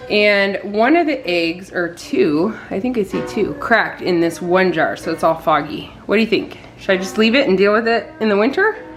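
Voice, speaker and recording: A woman's voice: mid-range voice, animated, normal speed, hardly any pauses, soft background music. A woman in her thirties from Nebraska, chatting casually to camera in a family vlog and laughing often. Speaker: vlogger, mother.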